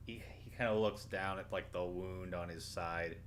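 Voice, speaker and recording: Male player, low pitch, halting casual description. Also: fairly even intonation, slight background noise. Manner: hesitant, many fillers. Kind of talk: tabletop role-play.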